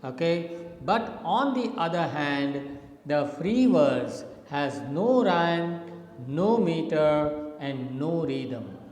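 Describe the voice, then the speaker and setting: A man's voice: fairly high pitch, lively intonation, extremely slow, a little mellow, echoey room, long reverb tail, rough recording. A man teaching literature in a slide lecture, explaining patiently and often checking in with "okay".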